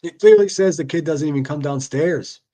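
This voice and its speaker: A man's voice: fairly high pitch, normal speed, warm tone. A man hosting a live stream, who reacts to clips with profane, exasperated rants. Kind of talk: casual ranting commentary.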